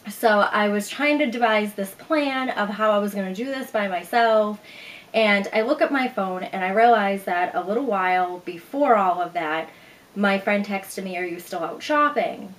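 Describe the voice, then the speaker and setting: A woman's voice: medium pitch, normal speed, rough recording. A young woman vlogger casually telling a long personal story, acting out what people said. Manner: chatty, animated retelling with acted-out quotes. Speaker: beauty vlogger.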